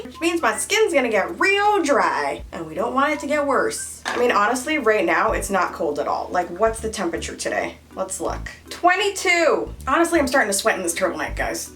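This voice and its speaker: Playful high-voiced woman vlogger. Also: a bit bright, distant mic. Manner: playful, goofy, breaks into silly singing. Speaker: beauty vlogger. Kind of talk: casual makeup tutorial chat.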